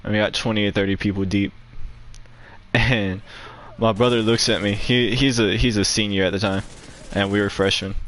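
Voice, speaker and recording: A young gaming channel host tells a story in casual chat, rambling, leaning heavily on "like" as a filler, and laughing often between lines. His voice is fairly low and fairly bright, with fairly even intonation and a moderate pace.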